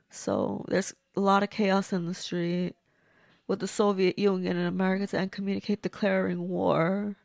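A woman's voice: medium pitch, vocal fry, a little mellow, no echo, studio quality. A woman giving casual, blunt, reactive commentary as she watches and reviews a movie. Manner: chatty, blunt and reactive, swears freely.

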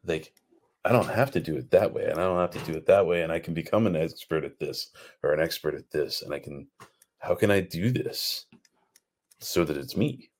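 Podcast host, man, 40s, very deep voice, rambling and animated. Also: moderate pace. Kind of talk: casual conversation.

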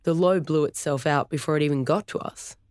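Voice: mid-range voice, a little fast, darkish tone, clear, resonant tone, dry recording, studio quality, lightly acted. A narrator voicing a cheerful middle-aged dad who jokes easily in a storybook reading. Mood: relaxed.

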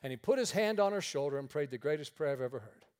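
A male pastor with a slightly high voice preaches to a live congregation in a church room. He tells his story in a folksy, joking way and acts out the people in it. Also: lively intonation, fast talker, a little mellow. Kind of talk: sermon with storytelling.

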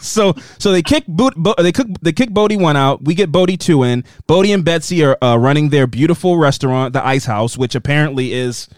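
A man's voice: a little high, brisk, hardly any pauses, no room sound, studio quality. A man co-hosting a podcast, recapping a TV show in casual chat, sarcastic and laughing often as he acts out quotes. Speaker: podcast co-host.

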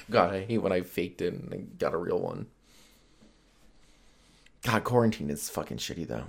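Male podcast host, deep voice, rambling, foul-mouthed, jokey. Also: expressive, moderate pace, vocal fry, pauses often. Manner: rambling, profane, joking. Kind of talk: casual solo podcast chat.

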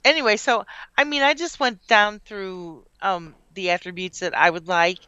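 A woman's voice: mid-range voice, fairly even intonation, normal speed, pushed and bright, clean tone, no echo, dull audio. A woman in her forties co-hosting a casual chat, giving advice in a confident, matter-of-fact way. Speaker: co-host.

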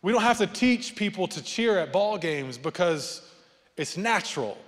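A man preaching a sermon as pastor, swinging from loud, rising appeals to soft, low asides and joking with the congregation. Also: animated, normal speed. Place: church sanctuary. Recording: long reverb of a church hall.

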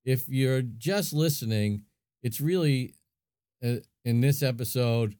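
A man's voice: mid-range voice, slow, dark tone, smooth, dry recording, studio quality. A man co-hosting a podcast, chatting casually and thinking aloud with plenty of fillers. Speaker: podcast co-host. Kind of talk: casual chat.

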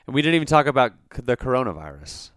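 Smooth-voiced man podcast host, dry sound. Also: medium pitch, sing-song, very fast, a bit bright, no echo. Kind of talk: casual interview talk.

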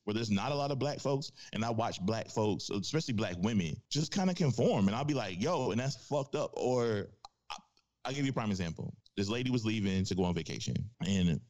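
A man talking casually as a podcast guest, telling stories in an animated, slangy way with plenty of swearing. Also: lowish voice, fairly quick, highs cut off. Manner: animated storyteller, profane, slangy.

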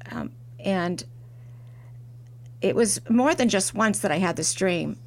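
A woman's voice: mid-range voice, expressive, slow pace, pauses often, a little hiss or hum. Middle-aged woman telling reflective stories. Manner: reflective storytelling with soft restarts. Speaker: guest, porcelain artist. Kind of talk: interview conversation.

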